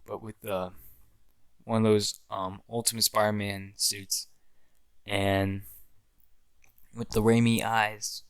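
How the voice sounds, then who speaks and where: A man's voice: on the low side, fairly bright tone, dry recording. Rambling young man recalling his fan film. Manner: rambling, restarts often, acts out his own film lines. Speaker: amateur filmmaker. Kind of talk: casual storytelling.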